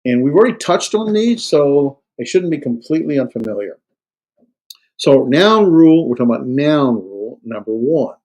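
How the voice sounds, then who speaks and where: A man's voice: mid-range voice, big pitch swings, normal speed, a little mellow, poor audio. A man teaching a Greek grammar class, explaining step by step with many fillers, restarts and hard stress on key words. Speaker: Greek instructor. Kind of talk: classroom lecture. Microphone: recorded lecture.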